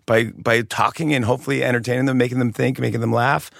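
Gravelly-voiced man telling lively stories. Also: medium pitch, fast talker, dry recording, clean studio sound. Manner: lively storyteller, bursts of laughter. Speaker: comedian and podcast guest. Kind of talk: casual chat.

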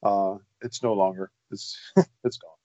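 A man's voice: on the low side, steady tone, measured pace, dark tone, no room sound. Upbeat man chatting on a muffled call. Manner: upbeat, enthusiastic, laughs often. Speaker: podcast co-host. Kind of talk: casual chat on a video call. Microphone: video call.

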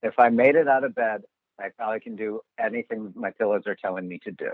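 A man co-hosting a live podcast in casual chat, with deadpan, wry asides. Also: lowish voice, quick pace, dry recording. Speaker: podcast co-host. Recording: tinny phone-like sound.

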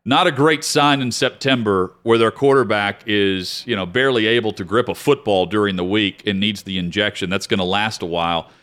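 Low-voiced male sports talk co-host. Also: a little fast, few pauses, fairly bright tone. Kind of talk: sports talk radio discussion.

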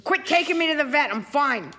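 A woman doing a gruff street-smart cat. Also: high voice, lively intonation, fairly quick, sharp tone, voice pushed up. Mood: defiant. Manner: tough, defiant street talk with double negatives. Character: gruff streetwise female cat, grumpy and scheming.

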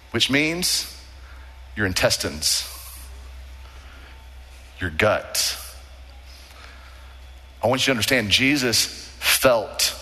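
A man preaching a sermon as pastor, earnest and emphatic, dropping low and slow on key words. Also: pushed and bright. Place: large church sanctuary. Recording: long hall reverb.

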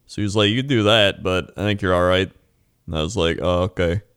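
A man co-hosts a podcast in a laid-back, amused way. His voice sits a little low and sounds smooth. The recording is dry and close. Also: fairly quick, a bit bright, dry recording. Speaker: podcast co-host. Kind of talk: casual chat.

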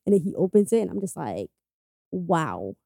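Young woman guest, rapid, lively storytelling, curses casually, dry close mic. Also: fairly low pitch, creaky, breathy edge, no echo. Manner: animated, swears freely, acts out quotes.

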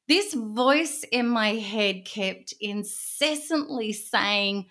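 Middle-aged woman, interview guest, earnest and intense, sharing a personal story, going soft and quiet in places. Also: a little high, lively intonation, extremely slow, few pauses.

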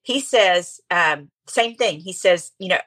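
A middle-aged woman chatting as a podcast guest, telling stories in an animated way with quick asides. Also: lowish voice. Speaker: podcast guest, speaker coach. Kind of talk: casual interview chat.

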